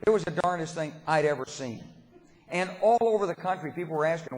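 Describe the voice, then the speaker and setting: An older man delivers a dinner keynote in a somewhat high voice, spinning emphatic anecdotes with dry, folksy humor. His words ring out with the long reverb of a large banquet hall. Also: expressive, brisk. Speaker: keynote speaker. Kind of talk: political dinner speech.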